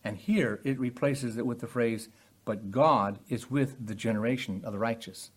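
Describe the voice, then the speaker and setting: An older man teaching a Bible passage in a sermon style, earnest, moving from quiet explanation to loud emphatic passages. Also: medium pitch, moderate pace, husky.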